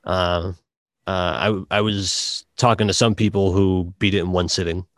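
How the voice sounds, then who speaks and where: Low-voiced Boston man, halting chat. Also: steady tone, a bit bright, no echo, clean studio sound. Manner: halting, many restarts and fillers. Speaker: podcast guest reviewing a game. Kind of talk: casual chat.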